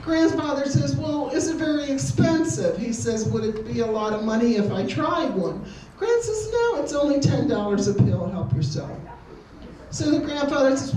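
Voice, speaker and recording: A woman's voice: high voice, sing-song, moderate pace, noisy background. An older woman doing stand-up on a community stage, telling jokes in an easygoing, anecdotal way. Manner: easygoing, anecdotal joke delivery. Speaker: amateur stand-up comedian. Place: community hall with an audience. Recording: echoey hall, distant room mic.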